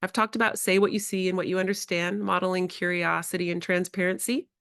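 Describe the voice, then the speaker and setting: A woman presenting a workshop to educators, animated and acting out conversations with children. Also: lowish voice, fast talker, smooth, no room sound, clean studio sound. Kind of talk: workshop lecture. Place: in-person workshop.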